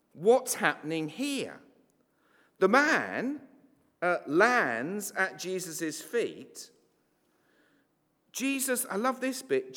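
A man delivers a sermon in a chatty, wry manner, full of asides. His measured delivery moves through a lively, swooping pitch. The voice rings with the long reverb of a large church. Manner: conversational, wry, with asides and fillers. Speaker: preacher.

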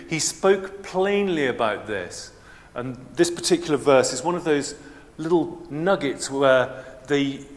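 A man preaching a sermon in a measured, explanatory, conversational way. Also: mid-range voice. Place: church. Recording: long church reverb.

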